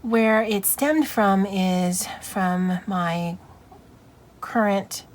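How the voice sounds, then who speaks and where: A woman with a Hawaiian accent chatting casually in a vlog, soft and halting, stumbling over her words while she works on a picture. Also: medium pitch. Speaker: YouTuber.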